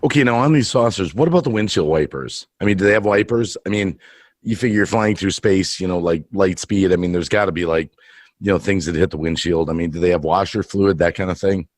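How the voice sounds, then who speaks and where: A man's voice: sits low, dry recording. Man streamer, mock interviewer, earnest and rambling, dry close sound. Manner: rambling, halting, asks absurd questions earnestly. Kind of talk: improvised comedy interview.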